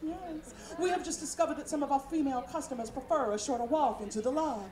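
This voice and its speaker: A woman voicing a cheerful hotel concierge who speaks sweetly and slowly, in an echoey club. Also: high-pitched, a crowd in the background, close to an everyday voice. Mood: beaming. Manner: sweet, beaming, slow.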